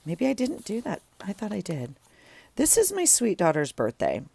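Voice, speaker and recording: Gravelly-voiced woman chatting while journaling. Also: mid-range voice, huge pitch swings, normal speed, dark tone, no room sound. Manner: chatty, rambling, self-deprecating asides. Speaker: journaling vlogger. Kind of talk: casual chat while crafting.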